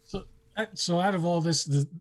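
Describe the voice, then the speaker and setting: A man's voice: sits high, moderate pace. Hesitant male interviewer. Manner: hesitant, filler-heavy questioning. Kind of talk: interview questions.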